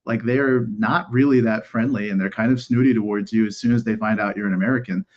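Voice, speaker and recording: A man's voice: lowish voice, fairly even intonation, fast, lo-fi sound. A man in casual political podcast chat, opinionated and ranting, with lots of "like" and swearing.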